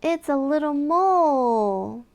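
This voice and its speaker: A woman reading a picture book aloud to young children in a gentle, sing-song way, with little gasps and questions to the listener. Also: high-pitched, expressive, slow pace.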